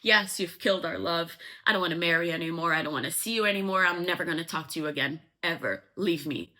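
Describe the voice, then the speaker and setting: A vain young gentleman, cold and indignant, scolding sharply, as a woman puts him on. The voice stays close to the speaker's own, bright and a little raised. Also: lowish voice, a little slow. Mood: scornful.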